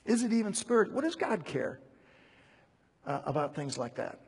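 Male preacher, husky and a bit high, chatty sermon delivery full of fillers and restarts, long hall reverb. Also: normal speed. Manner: animated, digressive, with many fillers and restarts. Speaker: preacher teaching a Bible study. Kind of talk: conversational sermon.

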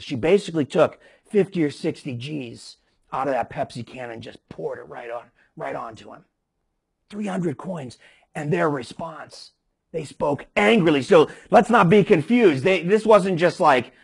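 A man's voice: on the high side, expressive, a little slow, vocal fry, husky. A man preaching a sermon emphatically, with frequent restarts as he explains scripture. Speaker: pastor.

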